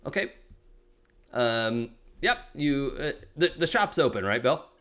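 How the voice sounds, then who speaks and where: A man runs a tabletop game at a middle pitch, describing scenes to his players. He hesitates often, circling back with ums and restarts before landing each thought. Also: lively intonation, a little slow, a bit bright. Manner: hesitant, many fillers and restarts. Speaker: game master.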